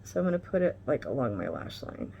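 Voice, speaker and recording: Chatty, gravelly makeup vlogger woman. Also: very deep voice, sing-song, quick pace, lo-fi sound, slight background noise. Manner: candid, rambling, swears casually.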